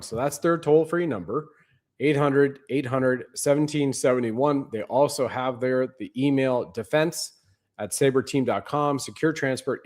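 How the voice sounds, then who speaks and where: A man's voice: medium pitch, a little mellow. A man hosting a show, delivering a rambling, conspiratorial livestream monologue. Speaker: show host.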